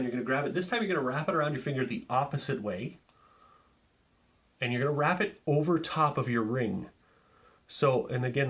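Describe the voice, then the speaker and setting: Teaching a magic trick in an easygoing way, this man chats loosely, leans on filler words, and shows the moves with his hands while explaining. He has a mid-range voice with a fairly bright tone.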